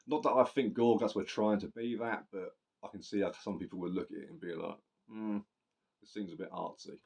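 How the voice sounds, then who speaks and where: A man with a very low voice reviews a metal record in loose, rambling chat. He swears freely and keeps restarting his sentences. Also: fairly even intonation, a little fast, gravelly, darkish tone. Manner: rambling, sweary, self-correcting. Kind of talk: casual spoken album review.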